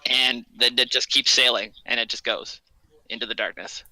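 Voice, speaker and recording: A man's voice: medium pitch, steady tone, moderate pace, sharp tone, no echo, low-quality recording. A man narrating a tabletop game as game master, casual and rambling with many fillers.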